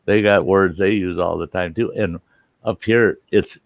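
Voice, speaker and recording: A man's voice: low-pitched, steady tone, a little slow, dry recording. A man hosting a casual chat in a folksy way, laughing often. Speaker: host. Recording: dry, dull lo-fi sound.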